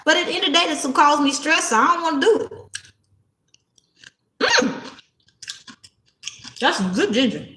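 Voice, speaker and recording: A woman in her thirties reads tarot cards in a casual spiritual vlog, blunt, defiant and full of swearing. Her voice sits high and swings widely in pitch. It sounds bright and sharp, and it echoes around the room she records in. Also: big pitch swings, moderate pace, pauses often, slight background noise. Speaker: tarot card reader.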